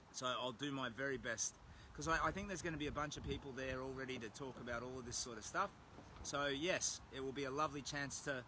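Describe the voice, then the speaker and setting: Walking beside a windy road with his phone held out, an Australian man livestreams his long charity walk, chatting casually and reading out viewer comments. His mid-range voice sounds pushed and bright, and there is slight background noise.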